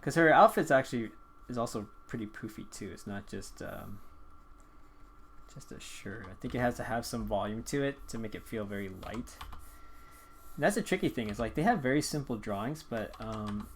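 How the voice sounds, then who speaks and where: A man's voice: lowish voice, expressive, normal speed, a little hiss or hum. A man hosting a live drawing stream, chatting casually and rambling with lots of filler words as he sketches. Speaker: drawing livestream host. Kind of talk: casual chat while drawing.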